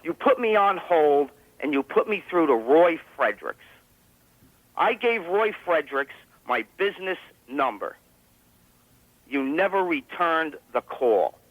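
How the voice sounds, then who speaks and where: A man calls in to lay out a grievance against the host step by step. His fairly high voice moves around a lot in pitch, and the sound is dry and close. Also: big pitch swings, measured pace, no room sound, narrow, tinny audio. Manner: aggrieved, step-by-step accusation. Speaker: caller.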